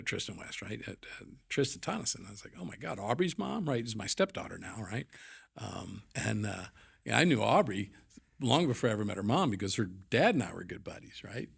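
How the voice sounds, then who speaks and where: Gravelly low-voiced man telling his story. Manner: rambling, frequent fillers, blunt and profane. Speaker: podcast guest, business owner. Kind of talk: candid conversational storytelling.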